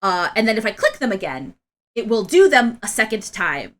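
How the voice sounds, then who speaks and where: A woman's voice: mid-range voice, big pitch swings, normal speed, fairly bright tone. A woman streamer in casual live-stream chat. She rambles and restarts often, and she laughs and shrieks a lot.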